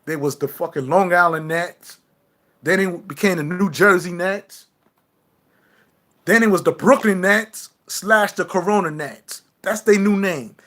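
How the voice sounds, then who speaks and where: Brash New male streamer, higher voice, sharp and forceful, profane rant to chat. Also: measured pace. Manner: brash, loud, swearing. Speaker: livestream host. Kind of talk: profane livestream rant to viewers.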